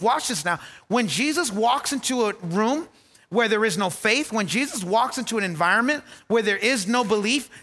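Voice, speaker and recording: A man preaching a sermon as pastor, animated, repeating key lines for stress and laughing at his own jokes. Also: extremely high pitch, in a large hall.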